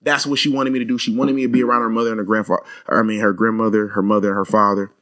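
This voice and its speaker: Young male podcast co-host, rapid-fire, profane, emphatic storyteller. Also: fairly low pitch, flat delivery, a bit bright. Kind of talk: casual chat.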